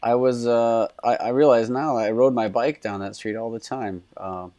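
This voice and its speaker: A man's voice: mid-range voice, fairly even intonation, normal speed, dark tone, no room sound, dull audio. A man co-hosting a podcast, chatting casually in a rambling, loose way. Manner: rambling, loose, with many "uh"s and laughs. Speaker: podcast co-host. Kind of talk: casual chat.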